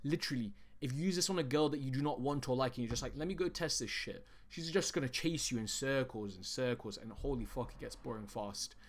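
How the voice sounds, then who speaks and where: A man's voice: mid-range voice, fast talker, hardly any pauses. A young man presenting as a dating coach in an online lesson, talking bluntly with heavy profanity and calling his viewers guys and bro.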